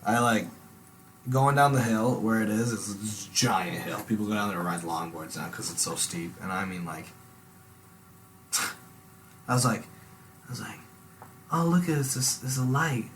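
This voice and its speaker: A young man with a very low voice tells a long, winding story in casual chat, swearing freely and slipping into loud, high impressions of himself. There is a faint hiss of noise behind him. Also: a little slow, pauses often. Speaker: podcast host.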